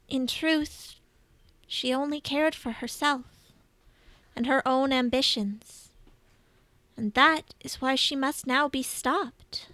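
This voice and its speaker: Regal cat goddess elder, slow and tender; a woman acts her, close dry sound. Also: high-pitched, a bit bright, no echo. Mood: measured.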